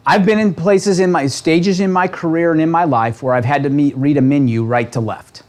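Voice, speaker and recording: A man leading a real estate training seminar, talking with a lively, coaching manner and checking in with the room constantly. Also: fairly high pitch, normal speed. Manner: animated, asks the room constant "right?" questions. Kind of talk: motivational seminar talk. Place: seminar room with a live audience.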